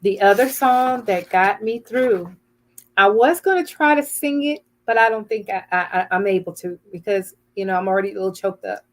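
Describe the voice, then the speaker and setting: A woman's voice: mid-range voice, normal speed. An older woman hosting an inspirational broadcast, giving a heartfelt, earnest devotional talk and sometimes searching for words.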